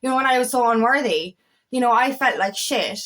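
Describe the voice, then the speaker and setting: A woman's voice: a little high, a little fast, a bit bright, low-quality recording. A young adult woman, a feminine empowerment coach, talking candidly and passionately in a personal vlog, swearing freely and restarting her sentences.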